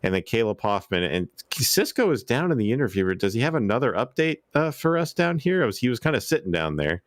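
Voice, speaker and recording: A man commentating a sim racing broadcast, chatty and quick to laugh. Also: mid-range voice, big pitch swings, no echo. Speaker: color commentator.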